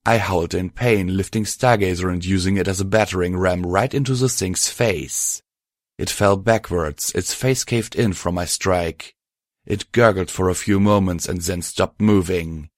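A man narrating a story aloud in a steady, even storytelling manner. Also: deep voice, normal speed, no echo, studio quality. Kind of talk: scripted audiobook narration.

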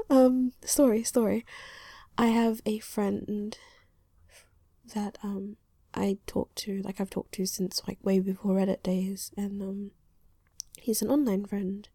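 A young woman whispering through an ASMR questionnaire on a USB condenser mic, slightly congested and croaky, rambling softly with many fillers. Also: medium pitch, level tone, a little slow, dry recording, clean studio sound. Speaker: ASMR creator.

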